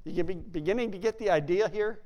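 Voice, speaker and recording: A man teaching a sermon who reads scripture aloud and slows down to stress key words. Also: high-pitched, a little mellow. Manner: reads King James verses aloud. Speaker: Bible teacher.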